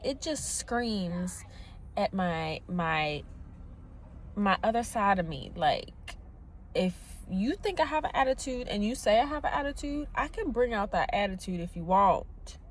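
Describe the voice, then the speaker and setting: A woman's voice: mid-range voice, lively intonation, a little slow, slight background noise. A woman vlogging as a stay-at-home mom, chatting casually, preaching a little and venting, from a parked truck. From Latina, US. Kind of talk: casual vlog chat.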